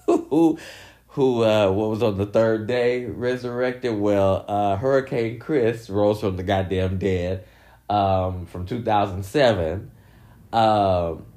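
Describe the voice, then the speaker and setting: A man with a somewhat low voice riffing in casual commentary. He laughs often, swears freely and swings his voice up in animated bursts. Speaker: commentary vlogger.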